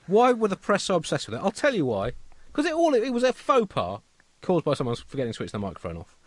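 A man's voice: medium pitch, no echo. A man co-hosting a comedy show, rambling and sardonic in satirical chat. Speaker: comedy co-host.

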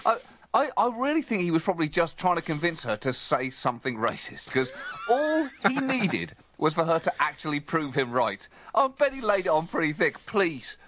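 Wry man, lively pitch. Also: moderate pace. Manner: wry, mock-serious. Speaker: comedy co-host. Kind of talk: satirical comedy chat.

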